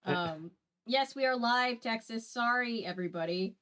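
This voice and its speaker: A young woman hosting a podcast, chatting in an animated way with her co-host. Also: fairly high pitch, moderate pace. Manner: chatty, animated, talks about her channel. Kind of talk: casual chat.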